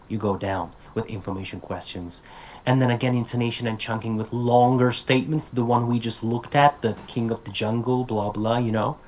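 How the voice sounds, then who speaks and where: A man lecturing language teachers over a video call. He talks with casual, energetic directness and repeats himself. He keeps saying sample words aloud as if drilling a class, in a middle-pitched voice. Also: moderate pace, slight background noise, rough recording. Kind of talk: online talk to language teachers.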